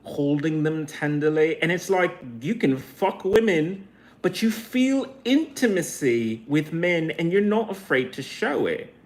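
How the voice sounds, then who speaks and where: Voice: mid-range voice, sing-song, a little slow. A vlogger in a casual rambling monologue, swearing often and wandering between thoughts while second-guessing themself. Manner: profane, meandering, self-questioning.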